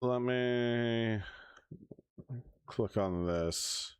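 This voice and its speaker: A man's voice: mid-range voice, drawn-out words, clean tone, no room sound, studio quality. A man livestreaming, chatting casually and rambling as he plans his next streams, with hiccups. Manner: rambling, restarts often, hiccups.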